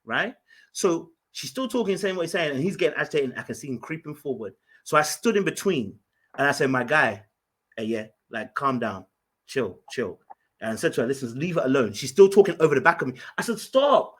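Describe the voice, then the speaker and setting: A man with a husky, slightly raised voice tells a story on a podcast. He talks with emphasis and keeps circling back over his own words, restarting phrases as he goes. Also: fairly high pitch. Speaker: podcast host.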